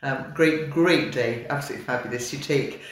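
A woman's voice: a bass voice, fairly quick, slight background noise. An older woman, a retired midwife, eagerly telling her story as an interview guest and laughing often. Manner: gushing, warm-hearted, laughs often. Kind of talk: enthusiastic conversational storytelling. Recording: very echoey room.

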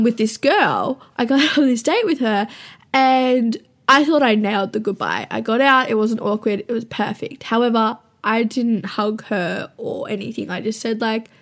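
A woman's voice: a little high, lively intonation, normal speed, a bit bright. A young woman hosting a show, telling rambling, self-mocking stories to listeners in a casual, profane way and laughing often.

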